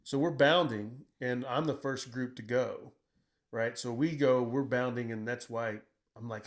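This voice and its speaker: A middle-aged man, a military veteran, telling combat stories in casual conversation, blunt and profane, acting out what he shouted. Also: medium pitch, steady tone, normal speed. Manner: profane, blunt, quotes himself in raised voice.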